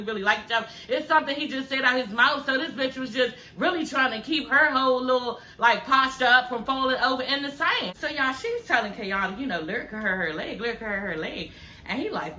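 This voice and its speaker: A woman doing an animated, profane, laughing recap of a reality show in casual chat. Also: high voice, roomy sound. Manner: animated, cussing, laughing often.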